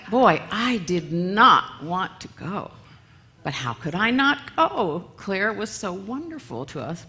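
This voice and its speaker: A woman giving a church talk, telling a story in a lively, self-mocking way with frequent laughs. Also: mid-range voice, takes it slowly, slight background noise. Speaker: guest speaker and musician.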